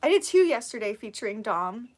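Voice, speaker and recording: A woman's voice: a little high, very animated, brisk. A woman hosting a casual live stream who reads out viewer comments, encouraging and laughing often, sleepy and yawning.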